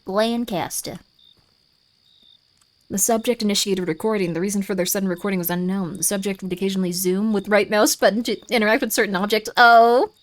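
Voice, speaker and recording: Playful chatty woman streamer. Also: medium pitch. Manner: chatty, playful, reads on-screen text aloud. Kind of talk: live-streamed gameplay commentary.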